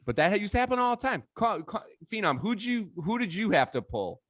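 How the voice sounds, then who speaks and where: A man telling a story on a podcast with lively quoted dialogue and frequent swearing. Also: high-pitched, a little fast, no echo, studio quality. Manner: animated, acts out quotes, swears freely. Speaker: DJ guest. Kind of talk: casual storytelling.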